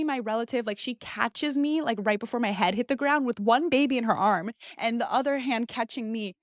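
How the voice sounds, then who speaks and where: In a casual storytelling monologue, a young podcast host candidly chats through a personal story and voices the other people in it. Her voice is slightly high, captured in a dry, studio-quality recording.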